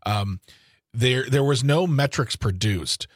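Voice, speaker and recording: A man co-hosting a casual talk radio show from a studio, arguing his points in an animated way. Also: mid-range voice, slow, husky, no echo. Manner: animated, argumentative, many "like" fillers.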